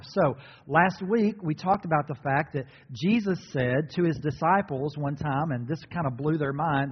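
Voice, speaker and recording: A man with a somewhat high, husky voice preaches a sermon, retelling scripture with lively acted-out dialogue. His voice carries a long echo through a large hall, and the recording sounds dull and muffled. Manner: animated storytelling, acts out biblical dialogue. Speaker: pastor.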